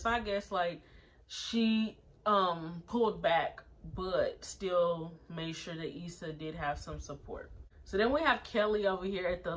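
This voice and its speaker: A woman talks through a TV episode in a relaxed, gossipy way, with sassy asides and street slang. Her voice sits in a middle pitch, and she fills her sentences with "like" and "um". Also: low-quality recording. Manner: chatty, sassy, slangy, with plenty of filler. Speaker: TV episode reviewer. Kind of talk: casual chat.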